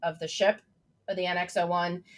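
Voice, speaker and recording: A woman's voice: lowish voice, little pitch movement, fairly quick. A young adult woman hosting a casual livestream chat, bubbly and enthusiastic as she reads out viewer comments. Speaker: host.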